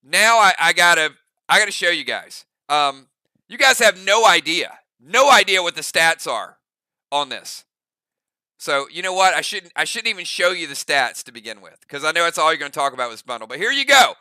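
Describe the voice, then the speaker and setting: A man hosting his gaming channel in casual chat, excited and quick to laugh, with lots of fillers and restarts. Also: on the high side, clean tone, no echo.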